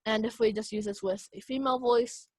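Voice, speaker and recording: A woman's voice: on the high side, fairly even intonation, fairly quick, darkish tone, slightly rough, no room sound. A young woman teaching an online speech class over a video call, hesitant, with many fillers and small laughs. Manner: hesitant, many ums and kind-ofs, laughs often.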